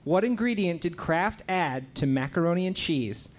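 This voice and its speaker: A man's voice: sits high, lively intonation, normal speed. A man hosting a comedy quiz show, reading questions and joking with the players. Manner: playful, joking, reads questions aloud.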